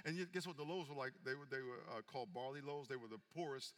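A man pastor delivering a sermon, his voice pitched high and very bright. He drops to a hushed, intimate tone, then climbs to loud calls and asks the congregation for amens. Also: racing, hardly any pauses, in a large hall. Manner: call-and-response preaching, swings from hushed to loud.

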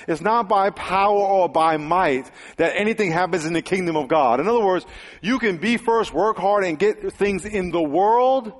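A man preaching a lively sermon to a young audience, acting out quotes and dropping to near whispers for emphasis. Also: sits high. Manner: animated, acts out quotes, swings loud and quiet. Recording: hall reverb.

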